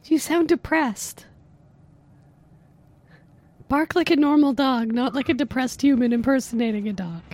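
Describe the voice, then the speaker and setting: High, mellow-voiced woman teasing a caller. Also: unhurried, pauses often. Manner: teasing, bossy, mock-seductive. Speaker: prank caller, podcast host. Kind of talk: comedic prank phone call.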